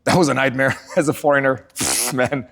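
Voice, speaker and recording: A man's voice: mid-range voice, normal speed, gravelly. A middle-aged man from Portugal, a podcast guest, telling stories casually and acting out quotes in raised voices. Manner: animated storyteller, acts out quotes in raised voices. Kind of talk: casual storytelling interview.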